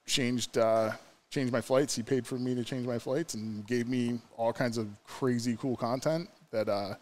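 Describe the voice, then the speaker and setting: A man's voice: mid-range voice, steady tone, a little slow, a little mellow. Rambling storytelling man from New York. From New York State. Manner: rambling, lots of fillers and laughs. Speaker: podcast guest. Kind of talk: casual storytelling chat.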